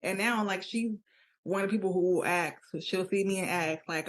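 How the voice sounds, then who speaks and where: Co-host, young woman, mid-range voice, easy laugh, leaps up in pitch for quotes. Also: normal speed. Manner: laughs often, jumps to a high voice when quoting. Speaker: podcast co-host. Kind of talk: casual chat.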